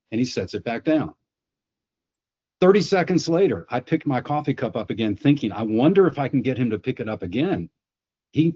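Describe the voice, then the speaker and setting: A man's voice: mid-range voice, dark tone, husky, dull audio. A man on a video call explaining sales psychology through anecdotes, often restarting his words. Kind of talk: storytelling on a webinar panel.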